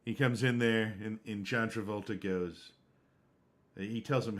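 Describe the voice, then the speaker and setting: A man's voice: fairly low pitch, steady tone, unhurried, fairly bright tone. A man streaming a game, chatting casually and rambling from one topic to the next. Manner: rambling, conversational. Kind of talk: casual live-stream chat.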